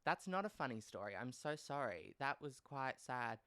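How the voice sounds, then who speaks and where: A young man hosts a casual storytelling podcast at a moderate pace, his mid-range voice swinging widely in pitch with a sharp tone and no room sound. Blunt and profane, he rambles wryly and trails off into tangents.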